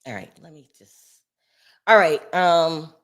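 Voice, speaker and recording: An upset woman hosts a live stream from her home, talking slowly and unhurriedly. She rambles emotionally, jumping from loud outbursts down to sighing, quiet murmurs, and sounds shaky. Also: sits low, lively intonation. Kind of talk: casual live-stream commentary.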